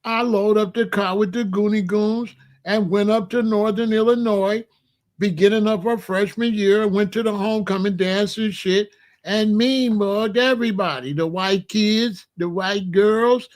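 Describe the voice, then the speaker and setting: A little slow and high-voiced, a man in his late sixties who hosts a show relates family stories. It's an easygoing storytelling monologue, boastful and streetwise, thick with slang.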